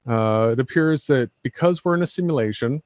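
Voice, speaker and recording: Man, co-host. Blunt, confrontational, repetitive; mid pitch; dry close mic. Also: a little fast, a little mellow, no room sound. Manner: combative, blunt, repeats himself. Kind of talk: casual livestream talk.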